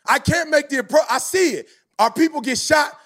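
A man in his forties giving a passionate podcast talk as a motivational speaker, emphatic with a preacher-like cadence that rises into shouts. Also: extremely high pitch, normal speed. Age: 40s.

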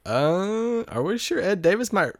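A man's voice: sits high, sing-song, unhurried, dry recording, clean studio sound. A man co-hosting a casual sports podcast, trading jokey, teasing banter. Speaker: podcast co-host.

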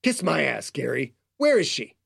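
A man's voice: on the high side, huge pitch swings, normal speed, gravelly, a bit bright, slightly rough, no room sound, clean studio sound, heavily acted. A man voicing a hard-bitten male monster hunter who talks bluntly and sarcastically. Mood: sardonic.

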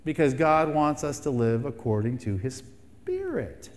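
A man's voice: medium pitch, wildly swooping pitch, unhurried, in a large hall. A man preaching a sermon as pastor, emphatic and fond of rhetorical questions and repeated phrases.

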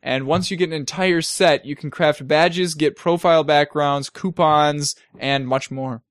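A young man co-hosting a casual gaming news chat, wry and quick to laugh as he reads news items. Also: a little high, steady tone, clear, resonant tone, dry recording, studio quality. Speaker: co-host.

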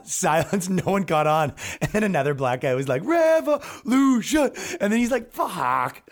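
A young comedian and podcast host with a medium-pitched voice tells rambling, jokey stories in a casual monologue, acting out the people he saw.

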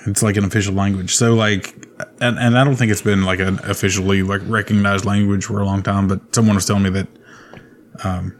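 A man chatting on a podcast in a low, flat voice that barely moves. He stumbles and restarts, stringing thoughts together with "like." Faint noise sits behind him. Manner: halting, full of likes and restarts. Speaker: podcast co-host. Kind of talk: casual podcast chat.

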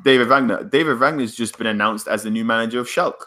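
A man co-hosting a casual football podcast, animated and quick to argue, laughing often. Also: medium pitch. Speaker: podcast co-host. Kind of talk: casual chat.

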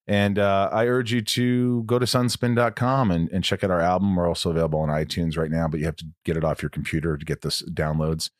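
A man's voice: deep voice, fairly even intonation, a little fast, hardly any pauses, no room sound, clean studio sound. A man hosting a podcast in casual chat, rambling and joking about himself. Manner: rambling, with self-deprecating humor. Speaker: podcast host.

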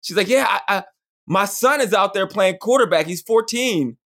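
A man co-hosting a podcast in casual chat, telling a story with lively acted-out quotes. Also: high-pitched, normal speed. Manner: animated storyteller, acts out quotes. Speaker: podcast co-host.

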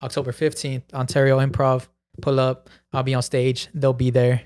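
A man's voice: mid-range voice, level tone, normal speed, a little mellow. A man hosting a podcast, reading out supporter names and plugging his shows. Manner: reads out names, plugs shows. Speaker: podcast host. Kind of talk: casual podcast banter.

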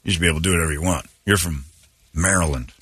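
A man's voice: sits low, rapid-fire, fairly bright tone, husky, no room sound. A man hosting morning radio, joking animatedly and mimicking callers in put-on voices. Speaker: radio show host.

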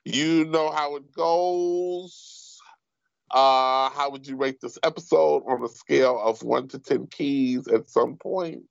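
A gravelly man co-hosts a casual TV recap podcast, steering the talk with a wry, emphatic manner. His voice is mid-pitched and rough. The audio is dry, dull and lo-fi. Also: slow pace, no echo. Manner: leads the segment, wry and emphatic. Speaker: podcast co-host.

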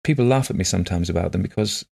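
A man reading the part of a gentle, shy blind woman who talks softly and earnestly in simple phrases. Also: low voice, rapid-fire, vocal fry, husky, heavily acted.

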